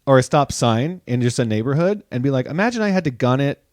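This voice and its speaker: A man's voice: mid-range voice, fast talker, no echo, clean studio sound. A man co-hosting a podcast in casual chat, telling stories animatedly and acting out reactions. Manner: animated storyteller, acts out reactions. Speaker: podcast co-host.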